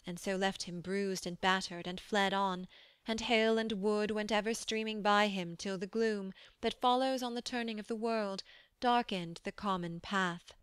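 Lady narrating an old poem audiobook, solemn and measured, slow smooth voice, dry close sound. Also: medium pitch, steady tone, dry recording. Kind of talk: scripted narration of a verse poem.

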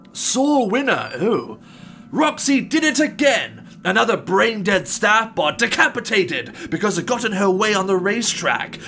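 Toy bear gentleman, played by a man: high, sharp, exclamatory and fussy, a let's-play host in character. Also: a little hiss or hum, exaggerated voice. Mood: excited. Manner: exclamatory, fussy, addresses people as sir. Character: polite gentleman toy bear animatronic, tea-loving. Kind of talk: gameplay commentary in character.

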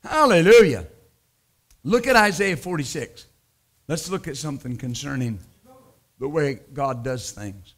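Man, middle-aged, pastor, sermon, high-pitched, bright ringing tone, emphatic. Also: animated, unhurried, pauses often. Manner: emphatic preaching, swings from loud to quiet storytelling.

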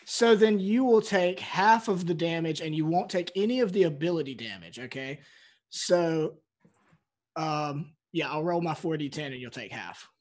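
A man's voice: on the high side, lively intonation, normal speed. A man playing a tabletop game, eagerly reading his spell rules aloud. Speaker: player.

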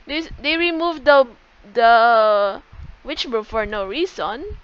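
A young woman with a high voice talks casually through a game tour, chatty and excitable, often breaking off to correct herself. The recording is dull and lo-fi, like a cheap home mic. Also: takes it slowly, clear, resonant tone. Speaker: gaming YouTuber.

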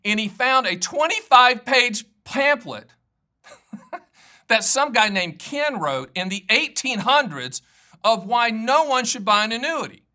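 A man's voice: extremely high pitch, very animated, slow, sharp tone. A middle-aged man hosting his own show about annuities, talking straight to camera in a folksy, joking way and rattling off long lists of product types. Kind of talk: casual direct-to-camera talk.

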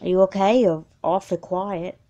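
A woman voicing a patient, caring mother who speaks in a soft, coaxing way in an amateur doll film. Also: medium pitch, fairly even intonation, moderate pace, lightly acted. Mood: soothing. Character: gentle, patient mother, caring but firm.

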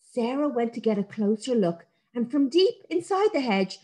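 A woman reading a picture book aloud to young children, warm and expressive. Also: on the high side, normal speed, few pauses.

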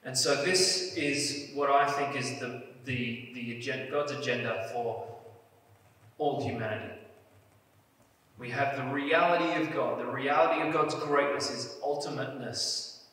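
A man's voice: mid-range voice, unhurried, a bit bright. A man preaching a sermon in an earnest way, leaning hard on key phrases. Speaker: pastor. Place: church hall. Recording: echoey church hall, mic at a distance.

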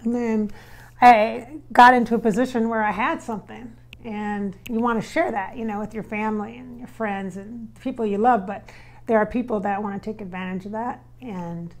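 A woman relaying the words of a late male musician's spirit in a calm, reflective way, speaking as a medium. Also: fairly high pitch, moderate pace, natural voice.

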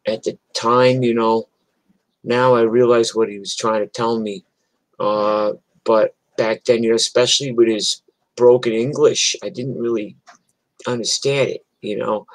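Slow, rambling older storyteller man. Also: mid-range voice, fairly even intonation, poor audio. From New York. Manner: rambling, profane, many restarts. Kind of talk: casual spoken storytelling.

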